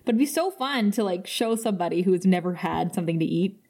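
A woman's voice: fairly low pitch, expressive, fast talker, darkish tone. A woman hosting a podcast, retelling an episode in casual chat with lots of giggling. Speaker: podcast host.

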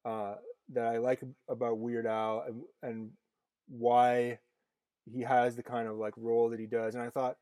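A man's voice: mid-range voice, monotone, a little slow, warm tone, clear, resonant tone, no room sound. Chatty man hosting a podcast. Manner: rambling, many fillers and restarts. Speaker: podcast host. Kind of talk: casual conversation.

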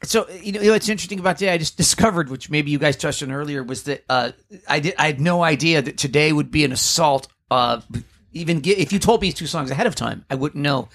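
Podcast guy, gravelly, kinda high voice, trips over his words a lot. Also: a bit bright. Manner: halting, restarts often, laughs a lot. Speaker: podcast co-host. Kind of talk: casual chat.

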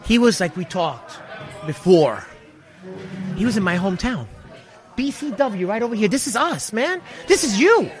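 A man's voice: high voice, very animated, moderate pace, pauses often. A man speaking as a wrestler, giving a cocky, brash post-match promo at a live event.

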